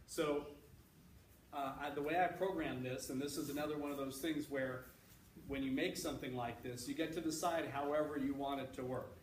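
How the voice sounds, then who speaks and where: A man's voice: medium pitch, steady tone, moderate pace, a little hiss or hum. A male electrical engineer, a guest speaker, patiently explaining things to a class of children in an easygoing way, with many fillers and restarts. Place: school library. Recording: echoey room heard from a distance.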